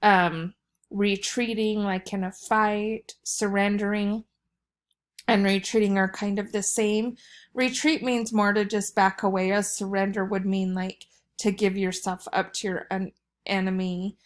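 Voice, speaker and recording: A woman teacher giving a recorded vocabulary lesson for children, explaining slowly and patiently. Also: medium pitch, level tone.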